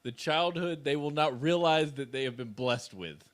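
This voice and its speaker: A young man co-hosting a casual podcast, joking around and slipping into loud goofy voices. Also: a little high, normal speed. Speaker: podcast co-host.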